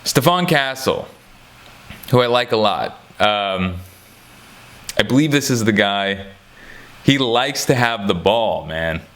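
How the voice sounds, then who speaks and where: A man talks through basketball prospects in a relaxed, off-the-cuff way. His voice sits low, and he jokes, trails off and restarts his thoughts, filling gaps with ums and uhs. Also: slow pace, long pauses. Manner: rambling, joking, many fillers and restarts. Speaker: sports commentator. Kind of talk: casual chat.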